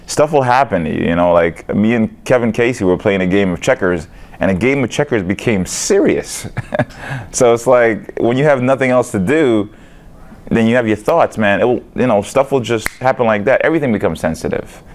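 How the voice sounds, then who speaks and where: A man's voice: lowish voice, expressive, moderate pace. A young man, a fighter, answering interview questions in a casual, rambling way, often adding "man" and "you know".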